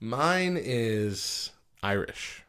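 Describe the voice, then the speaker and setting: A man's voice: medium pitch, expressive, very slow, fairly bright tone, clean tone. A man co-hosting a casual podcast chat, reading list items and quotes aloud and laughing often. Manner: chatty, laughs often, reads quotes with lifted energy. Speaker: podcast co-host.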